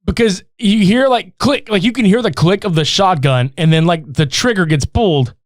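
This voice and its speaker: A man's voice: sits high, moderate pace, no echo, clean studio sound. A man recapping a horror movie in casual, profane chat, acting out the characters' lines. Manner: animated, swearing, acts out characters' lines.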